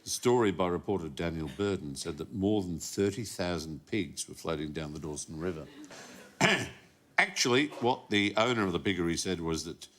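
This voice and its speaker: A man's voice: deep voice, moderate pace, fairly bright tone. A man hosting a TV panel show, telling comic anecdotes and slipping into mimicked voices. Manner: playful storyteller who slips into mimicked voices. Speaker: quiz show host.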